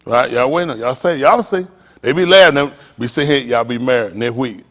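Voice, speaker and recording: A middle-aged man pastor, teasing and preaching to his congregation in a joking, animated way. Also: medium pitch, brisk. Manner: animated, teasing, talks straight to the crowd. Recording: long hall reverb.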